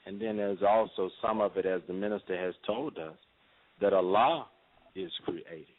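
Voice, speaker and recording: A man giving a radio interview in a measured, preacherly way, with frequent fillers. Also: low-pitched. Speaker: interview guest. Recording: phone-line audio.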